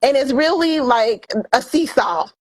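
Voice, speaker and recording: A woman co-hosting a casual talk show, telling stories and giving heartfelt advice in an expressive, animated way. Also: high-pitched, unhurried. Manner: expressive, animated storytelling with quoted dialogue. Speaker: co-host.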